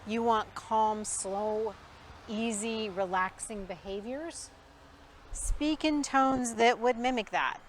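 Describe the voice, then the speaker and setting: A woman dog trainer teaching outdoors. She explains the training in a calm, quiet, measured way. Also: fairly high pitch. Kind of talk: instructional dog training demonstration. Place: outdoors in a backyard. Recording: outdoor recording with faint background noise.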